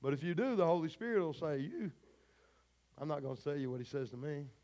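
A high-pitched man preaching in church, talking straight at his congregation. His delivery is fervent and folksy, the plain style of a pastor in the pulpit. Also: animated, very fast, mellow. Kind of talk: sermon. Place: church service before a congregation.

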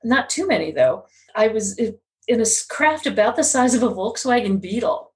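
A woman's voice: on the high side, animated, moderate pace, poor audio. A middle-aged woman speaking casually as an interview guest, laughing often and acting out what others said. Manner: laughs often, acts out quoted voices.

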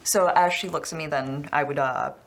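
Lowish woman player, hesitant and thinking aloud: casting a tabletop gamer. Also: moderate pace. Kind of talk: playing a tabletop game.

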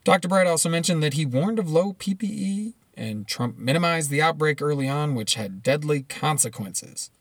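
A man's voice: fairly high pitch, expressive, normal speed, few pauses, no room sound. A man giving blunt, profane, rambling commentary, often restarting his sentences.

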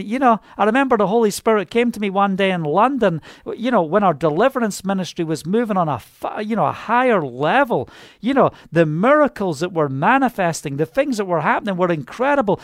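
A fervent man preaching with a high, light voice, telling his testimony in a loose, rambling way. Fillers keep spilling in between his bursts of zeal. The sound is close and dry, with no room around it. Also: lively intonation, brisk, no echo. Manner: fervent, rambling, with many "you know" fillers. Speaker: minister. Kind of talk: personal testimony sermon.

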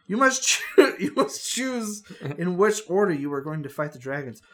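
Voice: mid-range voice, sing-song, normal speed, natural voice. A podcast host reading out the lines of an old male wizard guide in a storybook, close to their own voice with a light mocking lilt. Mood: urgent.

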